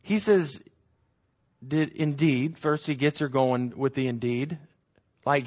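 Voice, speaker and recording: A man giving a conversational Bible teaching, animated, asking rhetorical questions and acting out the quotes he reads. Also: medium pitch, slow, long pauses, muffled recording.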